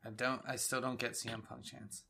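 A man co-hosting a casual chat show who mostly chimes in with short, dry interjections. His voice is fairly bright, and his pitch sits in the middle range for a man. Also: flat delivery, brisk, creaky. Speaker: podcast co-host.

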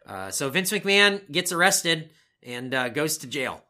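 Bright-voiced man recapping wrestling. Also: a little high, big pitch swings, unhurried. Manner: rambling play-by-play, casual swearing. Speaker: podcast co-host. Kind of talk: casual wrestling recap chat.

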